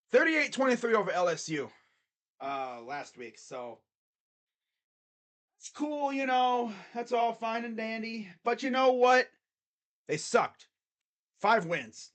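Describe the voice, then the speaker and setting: Young male sports streamer, high voice, rambling and jokey, casual live reaction. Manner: animated, rambling, jokey with mocking asides. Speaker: sports channel host.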